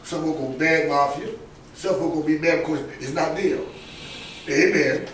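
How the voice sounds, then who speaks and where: A man with a Southern US accent preaching a sermon. He swings from low asides to loud shouting and chuckles now and then. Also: normal speed, slight background noise. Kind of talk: fiery sermon. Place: church sanctuary. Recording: echoey church from far off.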